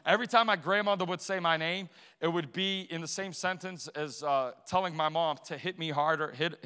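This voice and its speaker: Male preacher from Portugal, bright storytelling voice, testimony sermon with long hall reverb. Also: high voice, brisk, hardly any pauses. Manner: storytelling, rising to emphatic preaching.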